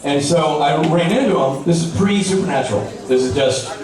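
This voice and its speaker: A man on a convention panel telling a funny anecdote to a live audience, animated and jokingly aggrieved. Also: fairly high pitch, normal speed, crowd noise. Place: large convention hall. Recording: echoey hall from far off.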